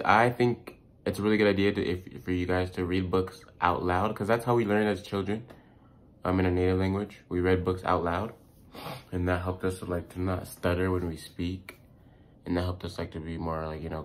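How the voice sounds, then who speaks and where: A young American man giving casual language-learning tips in a rambling vlog, full of fillers and restarts. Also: low voice. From United States.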